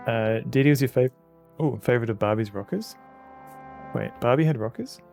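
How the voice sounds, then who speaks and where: Male streamer, casual rambling game chat, creaky voice, mid pitch. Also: brisk, darkish tone, soft background music. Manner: chatty, rambling, answers chat. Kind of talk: casual gameplay commentary.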